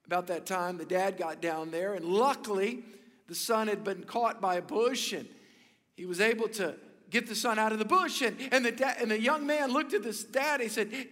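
A man preaching a sermon as pastor to several campuses, telling a story and acting out its shouted lines. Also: extremely high pitch, moderate pace, in a large hall.

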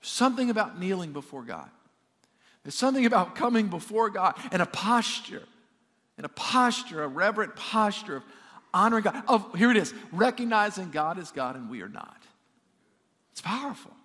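Male pastor, sermon delivery, high voice, emphatic restarts, light humor, church hall echo. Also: big pitch swings, moderate pace, sharp tone. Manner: emphatic, repeats words while building up, jokes with the crowd. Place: church sanctuary. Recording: long reverb of a church hall.

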